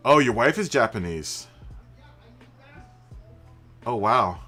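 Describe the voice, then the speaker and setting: A man's voice: fairly low pitch, moderate pace, fairly bright tone, faint music behind. A man hosting a racing game live stream, chatting casually with viewers, greeting them by name and laughing often. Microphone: studio microphone through a mixer.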